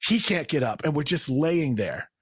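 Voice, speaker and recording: A man with a somewhat high, husky voice spins a comic story in casual chat. His pitch leaps around as he acts out the quotes, and he laughs along. The sound is dry and close. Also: moderate pace, no echo. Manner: animated, acts out quotes in raised voices, laughs while telling. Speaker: guest storyteller.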